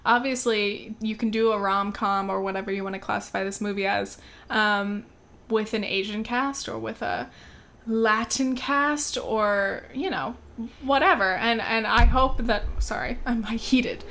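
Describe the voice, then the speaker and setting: A woman's voice: mid-range voice, steady tone, measured pace, a bit bright. A young woman from America hosting a podcast, chatting candidly with lots of fillers and the odd swear word. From United States. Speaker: podcast host. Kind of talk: casual solo podcast chat.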